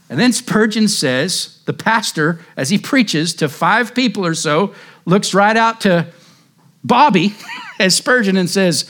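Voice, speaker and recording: A man's voice: sits high, expressive, takes it slowly, fairly bright tone. A male pastor preaching a sermon in an impassioned, emphatic way.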